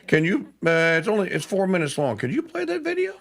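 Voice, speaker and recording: A man's voice: high voice, wildly swooping pitch, fairly quick, vocal fry. A man hosting a live talk radio show, chatting in a rambling, self-correcting way.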